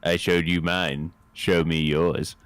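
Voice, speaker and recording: Low-voiced man playing a game aloud. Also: flat delivery, slow, a bit bright, clean tone, no room sound. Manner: joking, laughs often, reads lines aloud. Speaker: game player voicing the detective. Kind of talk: playful co-op game voice-acting.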